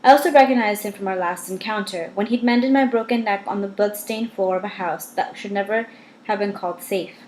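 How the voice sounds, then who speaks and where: A woman reading a first-person novel aloud, measured with dramatic pauses and wry asides. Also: mid-range voice, darkish tone. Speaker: audiobook reader. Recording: roomy echo.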